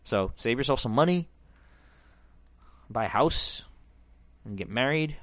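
A man's voice: medium pitch, expressive, unhurried, a bit bright, no echo. A young man hosting a podcast, talking in a loose, rambling monologue full of fillers and self-deprecating asides. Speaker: podcast host.

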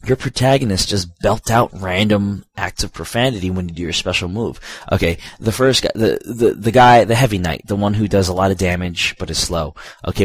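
A man's voice: sits low, breathy edge, no room sound. A man giving a casual, rambling video game review, full of fillers, asides and profanity.

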